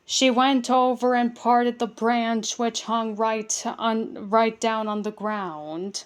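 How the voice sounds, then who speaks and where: A woman reading a children's book aloud, careful and steady, with small stumbles and restarts. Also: fairly high pitch, slow, clear, resonant tone. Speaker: storybook reader.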